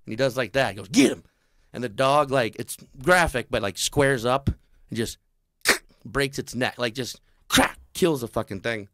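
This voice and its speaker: Man spinning a comic yarn, lively voices for each character, dry close mic. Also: medium pitch, moderate pace, no echo. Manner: animated, acts out voices of people in the story. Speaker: comedian telling a story. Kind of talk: casual storytelling on a comedy podcast.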